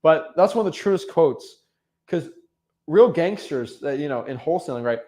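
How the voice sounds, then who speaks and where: A young man giving casual motivational advice as a real estate coach, animated, often repeating and restarting words. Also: a little high, moderate pace. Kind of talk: casual motivational vlog talk.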